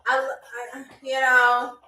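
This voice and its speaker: A woman's voice: high voice, completely flat delivery, slow, sharp tone, far from the mic. A woman hosting a live game show, playfully teasing viewers and reading out their comments. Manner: repeats words drawn out. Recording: echoey room, a little off-mic, faint music.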